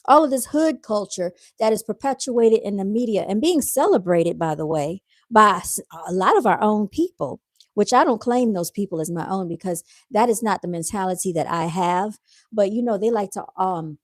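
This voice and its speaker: An emphatic woman talks straight to her audience in a pointed commentary monologue, repeating her points to press them home. Her voice sits at a middle pitch and is recorded dry and close, with no room sound. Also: a little mellow, no echo. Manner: emphatic, repeats points, addresses viewers directly. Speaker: commentary vlogger.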